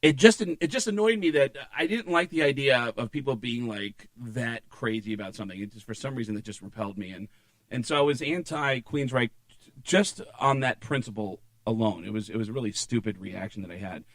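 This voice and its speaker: A man's voice: mid-range voice, fairly quick, fairly bright tone, no room sound. A man in his forties from Arizona, telling rambling stories as a guest on a casual podcast. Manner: rambling storyteller, lots of fillers. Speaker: comedian guest.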